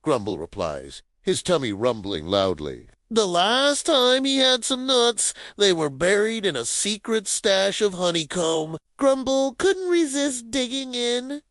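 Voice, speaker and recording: Animated woman narrating a cartoon story. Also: medium pitch, measured pace, few pauses, no room sound. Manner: expressive, animated.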